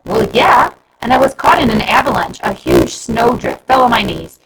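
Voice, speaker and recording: A woman's voice: a little high, sing-song, normal speed, vocal fry, noisy background, voice pushed up. Woman playing a wheedling, scheming schoolboy. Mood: dramatic. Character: scheming, fast-talking schoolboy narrator.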